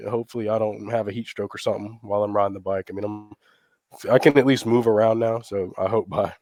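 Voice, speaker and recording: A man co-hosting a casual motorcycle chat, his voice worn raspy by a recent flu. He talks in a relaxed, rambling way with a low, mellow tone. The sound is dry and close, with no room around it. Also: no room sound. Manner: laid-back, rambling with fillers. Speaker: podcast co-host.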